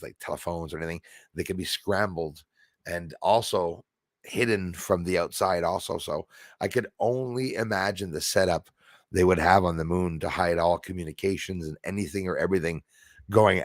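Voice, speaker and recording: A man hosting a casual livestream, rambling excitably and answering viewers' comments aloud. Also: sits low, no echo, clean studio sound. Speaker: livestream host.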